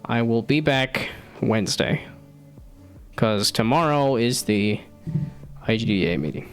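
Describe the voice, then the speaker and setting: A man's voice: medium pitch, measured pace, faint music behind. A man in his thirties chatting casually on a live stream, rambling and self-deprecating, laughing often. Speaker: streamer and hobby game developer.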